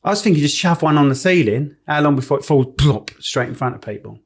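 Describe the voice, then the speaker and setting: A man's voice: a little high, animated, slightly rough. A man co-hosting a podcast in a studio, joking and teasing in casual chat. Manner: joking and teasing, quick restarts. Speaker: podcast co-host.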